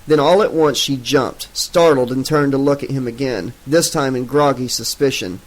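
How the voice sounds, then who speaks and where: A man narrating a horror audiobook in a steady, dramatic reading. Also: mid-range voice, normal speed, rough recording.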